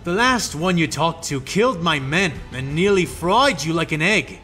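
A man's voice: on the high side, expressive, moderate pace, sharp tone, faint music behind. Rex, a man voicing a sarcastic soldier captain. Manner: sarcastic, grumbling.

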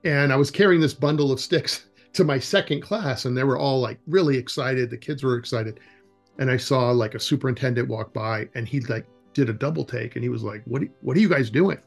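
The voice here is creaky, mid-range, and brisk, with soft music underneath, as a wilderness education program's executive director shares anecdotes in a casual interview about outdoor education. He acts out quoted lines with animation, wandering loosely and restarting frequently.

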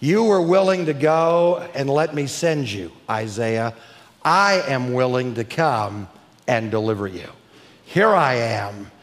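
A man speaking as God with slow, grave, reassuring promises. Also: mid-range voice, animated. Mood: solemn. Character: God, solemn and reassuring deliverer. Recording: long hall reverb.

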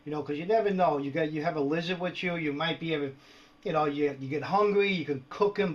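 A slightly high-voiced man talks through his gear in a loose, joking way, tossing in "right?" and "all right" every few words. The sound is dull and lo-fi, like an old home video. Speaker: prepper video host. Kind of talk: casual show-and-tell vlog.

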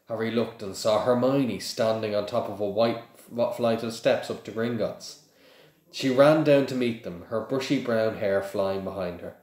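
A man reads a children's storybook aloud in a plain, unpolished way, now and then stumbling and restarting. His voice sits low. The room around him is echoey. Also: moderate pace, darkish tone. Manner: plain, with small slips and restarts. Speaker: reader.

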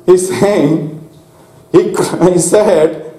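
Slow-speaking preacher man in an echoey hall. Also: high-pitched, a little mellow. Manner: slow and deliberate, asking the congregation questions. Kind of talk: sermon.

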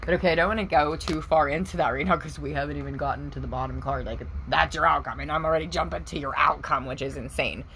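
A woman doing a casual tarot reading for viewers. She is excitable, laughs often, swears casually and calls the audience pet names. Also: low voice, fast talker, hardly any pauses, a little hiss or hum, low-quality recording. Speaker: tarot reader.

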